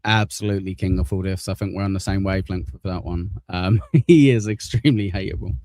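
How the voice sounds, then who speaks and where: A man's voice: low voice, fast, dark tone, dry recording. A man hosting a casual live stream, blunt and swearing, reading viewer messages aloud.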